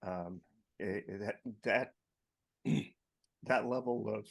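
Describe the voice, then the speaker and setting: A man hosting a podcast, talking in a halting, emotional way and clearing his throat. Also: fairly low pitch. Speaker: podcast host. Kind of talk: casual podcast chat.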